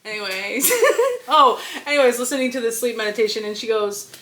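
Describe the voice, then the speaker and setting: A woman's voice: on the high side, fast talker, bright, forceful tone, a little hiss or hum, poor audio. A woman co-hosting a podcast in casual chat, playful and giggly, often breaking into laughter. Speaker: podcast co-host.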